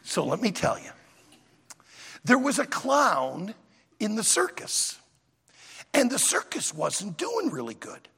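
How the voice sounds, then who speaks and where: A man preaching a sermon in a church auditorium, an animated, emphatic storyteller, with long hall reverb. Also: high-pitched, slow, creaky, pauses often, slightly rough. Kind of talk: sermon with a told joke.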